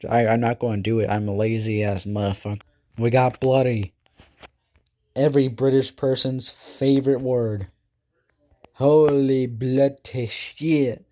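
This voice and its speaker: A man's voice: medium pitch, little pitch movement, normal speed, warm tone. A man ranting casually in a rambling, profane way, with many fillers and restarts. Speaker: video creator. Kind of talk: casual rant.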